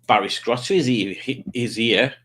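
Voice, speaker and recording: Brief: male stream host, medium pitch, jokey and rambling, casual live chat. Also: normal speed, a bit bright. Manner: rambling, self-mocking, jokey.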